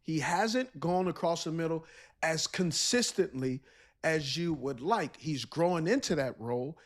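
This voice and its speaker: A man's voice: a little high, lively intonation, unhurried. A man, a former pro player, giving emphatic football analysis and repeating his points. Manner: emphatic, repeats points, acts out what defenses think. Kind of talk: sports analysis commentary.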